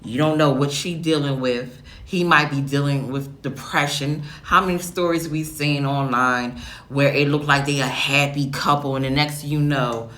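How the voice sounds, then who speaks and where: A man's voice: mid-range voice, steady tone, normal speed, sharp tone. A man giving earnest, slangy relationship advice in a casual talk.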